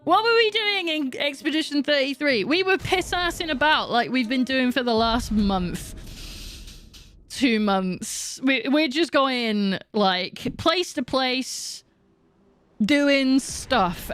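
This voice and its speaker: Chatty, laughing woman streamer, higher voice. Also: expressive, takes it slowly, fairly bright tone. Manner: chatty, rambling, laughs often. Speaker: livestreamer. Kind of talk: casual chat with stream viewers.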